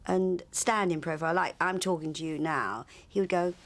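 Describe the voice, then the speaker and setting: A woman interviewee telling anecdotes in a chatty, animated way, often restarting her sentences. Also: on the low side, moderate pace. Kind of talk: anecdotal reminiscence.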